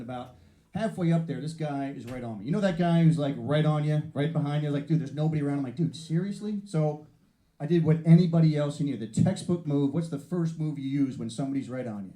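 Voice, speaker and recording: Male stand-up, quick and profane, acting out bits, slightly raised pitch, echoey stage. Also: mellow. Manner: brash, profane storytelling with acted-out voices. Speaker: stand-up comedian. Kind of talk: stand-up routine. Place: theater stage before a live audience. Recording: roomy live venue sound.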